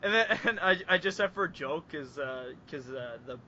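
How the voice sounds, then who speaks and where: Giggly young man from Canada, bright high voice. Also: lively intonation, moderate pace, dull audio. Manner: rambling, giggly storyteller with many fillers. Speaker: podcast co-host. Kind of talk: casual podcast chat. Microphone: online voice call.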